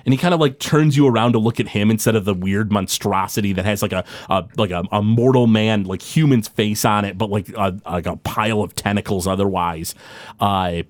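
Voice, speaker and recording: A man's voice: on the low side, brisk, no echo. A man running a tabletop game as game master, narrating loosely with many fillers and restarts. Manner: loose, full of fillers and restarts, laughs often.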